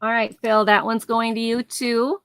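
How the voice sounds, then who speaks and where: Woman, rambling live-sale seller; higher voice, dry close sound. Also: level tone, normal speed, a bit bright, smooth, no room sound, rough recording. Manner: chatty, rambling, laughs easily. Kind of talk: casual live auction chat. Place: home, near her garage.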